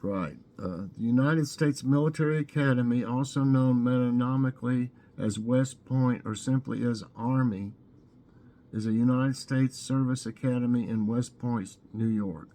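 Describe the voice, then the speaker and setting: Mellow-voiced man hosting casual trivia. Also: medium pitch, moderate pace. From Tennessee. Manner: chatty and musing, drawls out answer options. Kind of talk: casual trivia quiz, reading answers aloud.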